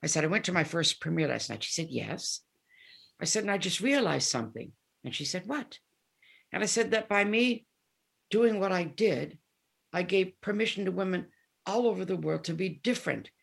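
A woman's voice: lowish voice, moderate pace, vocal fry, husky. A woman of seventy, a guest musician, chatting in an interview and animatedly telling stories, acting out the dialogue. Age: 70s. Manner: animated storyteller, acts out dialogue. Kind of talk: casual interview chat.

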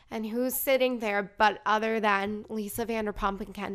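A woman hosting a podcast, telling a night-out story in a gossipy, animated way. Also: medium pitch, normal speed, few pauses, smooth. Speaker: podcast host. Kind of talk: casual chat.

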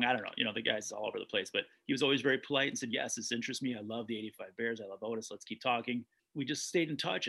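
Guy rambling thru a story, bright but kinda husky, lots of you knows. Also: mid-range voice. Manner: rambling, frequent restarts and "you know". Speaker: documentary director. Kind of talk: casual interview storytelling.

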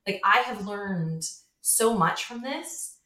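A woman who is a guest on a casual podcast, speaking earnestly and reflectively. Her voice is bright and sharp at mid pitch. The recording has a roomy echo. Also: expressive, slow pace.

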